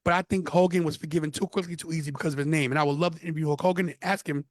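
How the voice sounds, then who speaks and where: A man from New York, a podcast guest, telling stories in an animated, casual way. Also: on the high side, racing, few pauses, no echo. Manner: animated storyteller. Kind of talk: casual interview.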